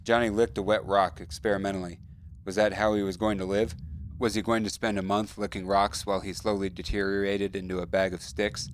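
A man reading a story aloud in a measured, somber way. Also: on the low side, little pitch movement, a little hiss or hum. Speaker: narrator. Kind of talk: audiobook narration.

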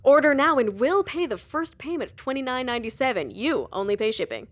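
A woman's voice: high voice, sing-song, a little fast, pitched above the performer's own voice. A woman voicing a jaunty male infomercial announcer with an upbeat, salesy delivery.

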